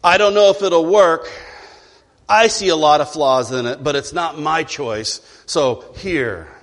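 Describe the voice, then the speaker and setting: Pastor putting on a sulky, grudging male worker, pitched up and sarcastic, in an echoey hall. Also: unhurried, a bit bright. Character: sulky grudging male employee, passive-aggressive.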